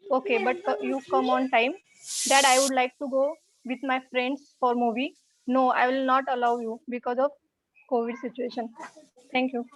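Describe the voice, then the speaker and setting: A female student reciting a family dinner dialogue in class, with hesitant pauses. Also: high voice, dry recording. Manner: hesitant, halting. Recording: dull dry call audio.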